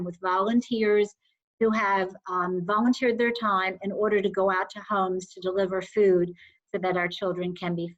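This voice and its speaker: A woman's voice: medium pitch, lo-fi sound. A woman school superintendent giving earnest, heartfelt remarks at a board meeting.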